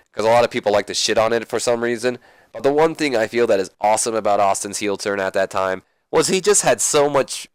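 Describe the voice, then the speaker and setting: A man's voice: on the low side, fairly bright tone, smooth, no echo. A young man casually recapping a wrestling game, rambling and swearing, correcting himself often. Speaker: let's play commentator.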